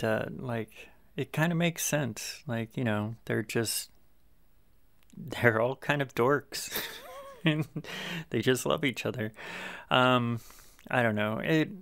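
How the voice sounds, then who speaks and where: A man hosting his own show, chatting casually and haltingly about writing his stories, with many fillers and restarts. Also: medium pitch, gravelly, clean tone. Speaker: podcast host and fiction writer.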